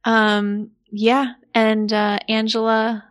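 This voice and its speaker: A woman in her thirties co-hosting a casual film podcast, friendly and quick with asides. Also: on the high side, flat delivery. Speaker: podcast co-host.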